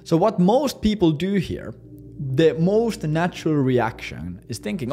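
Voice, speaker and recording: A man's voice: sing-song, a little slow, dark tone. Young man, brash profane sales coach, casual teaching monologue, faint music behind. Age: 20s. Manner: brash and profane, acting out squeaky high voices.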